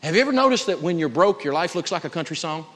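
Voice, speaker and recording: A man's voice: fairly high pitch, expressive, quick pace, a bit bright. A man teaching personal finance to a live audience, emphatic, humorous and folksy as he tells stories. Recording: reverberant lecture hall.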